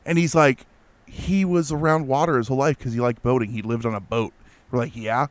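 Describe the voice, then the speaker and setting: A man casually telling a spooky personal story, animated and full of fillers and restarts. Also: medium pitch, brisk. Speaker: guest telling a ghost story.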